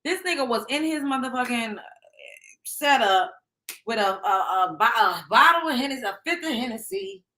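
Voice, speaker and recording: A woman hosting a show, chatting casually with viewers and reading out tarot cards in a loud, animated, profane way. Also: on the high side, normal speed. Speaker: show host.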